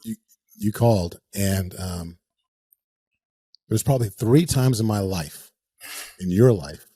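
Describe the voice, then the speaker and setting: A man in his forties, a podcast guest, talking in a relaxed, joking way with many pauses and fillers, with a husky voice. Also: fairly low pitch. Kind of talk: conversational interview.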